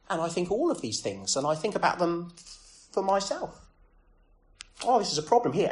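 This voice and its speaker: A man preaching a sermon in a conversational way, full of rhetorical questions and self-deprecating asides. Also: fairly high pitch.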